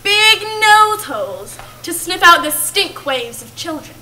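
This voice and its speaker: Woman playing a grandma spooking her grandson, high and slow, stretchy dramatic words, distant camp stage recording w faint hiss. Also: sing-song, bright, forceful tone, full character voice. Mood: ominous. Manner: slow, dramatic storytelling with emphatic drawn-out words. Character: old grandmother warning of witches, storytelling, doting. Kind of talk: amateur stage play. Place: camp stage, audience hall. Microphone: far camera in the audience.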